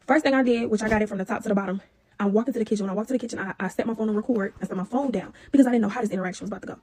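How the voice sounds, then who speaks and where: Young woman telling a story to camera, talks super fast, kinda high voice, blunt and animated. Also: husky, dry recording. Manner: animated and blunt, heavy profanity. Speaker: vlogger.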